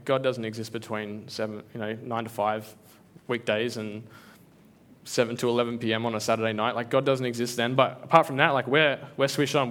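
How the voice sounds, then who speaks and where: A man at a mid-range pitch gives a laid-back devotional talk. He speaks earnestly but loosely, leaning on fillers, repeats and restarts as he works through his point. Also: fairly bright tone. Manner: conversational, filler-heavy, earnest, with frequent repeats. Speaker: preacher.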